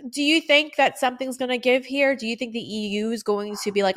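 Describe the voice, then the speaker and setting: A woman's voice: a little high, fast talker, few pauses, a bit bright. A woman hosting a news commentary show, introducing a story and interviewing a guest in a conversational, opinionated way.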